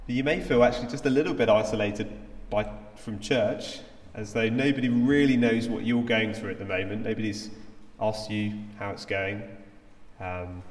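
Guy preaching, chatty and thoughtful with lots of ums, echoey church room. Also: medium pitch. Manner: conversational and reflective, with frequent fillers. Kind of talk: sermon. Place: church hall.

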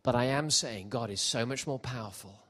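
A middle-aged man preaching a sermon, jokey and animated, shifting from quiet asides to loud shouts. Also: medium pitch, a little fast. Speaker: pastor. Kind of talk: sermon with comic storytelling. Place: church hall with congregation.

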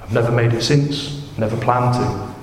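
A man in his thirties preaching a sermon, chatty and jokey, with sudden excited rises. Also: mid-range voice, moderate pace, slight background noise. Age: 30s. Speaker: pastor. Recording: echoey hall, faint room ambience.

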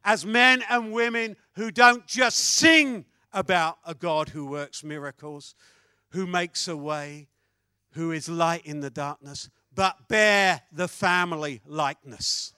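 High bright-voiced male preacher. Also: slow pace, clear, resonant tone, dry recording. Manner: animated storyteller, swings between loud and hushed. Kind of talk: sermon with storytelling.

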